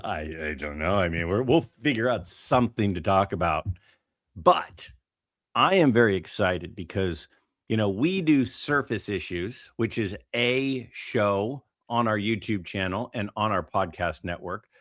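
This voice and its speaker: A man co-hosting a casual podcast, telling stories in an animated way with lots of fillers and restarts. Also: on the low side, a little slow, dry recording, studio quality. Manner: animated, storytelling with many fillers. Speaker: podcast co-host.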